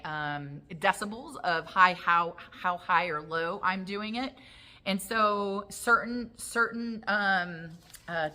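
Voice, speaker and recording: A woman teaching a dog training lesson, explaining calmly and acting out how she calls the dog. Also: medium pitch. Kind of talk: instructional talk.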